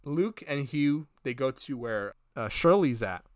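His intonation is lively and his pace measured as this podcast co-host, speaking in a mid-range voice, rambles through scenes in a casual review chat, acting out each character's lines. The studio sound is clean with no room echo.

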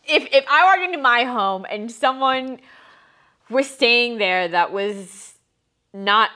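A woman's voice: fairly high pitch, expressive, slow pace, bright, forceful tone. A woman co-hosting a podcast in casual chat. She swears freely and acts out her reactions in a raised voice. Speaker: podcast co-host.

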